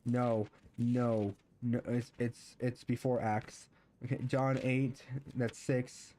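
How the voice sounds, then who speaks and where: Mellow man rambling while gaming. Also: medium pitch, little pitch movement, takes it slowly, a little hiss or hum. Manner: rambling, thinking aloud. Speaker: streamer. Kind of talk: casual gaming chat.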